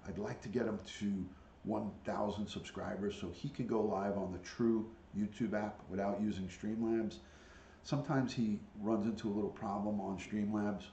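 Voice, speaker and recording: A man livestreaming with his pet parrot, chatting casually to viewers and coaxing the bird in high sing-song calls. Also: fairly even intonation, moderate pace, mellow, lo-fi sound. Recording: echoey room with faint ambient noise.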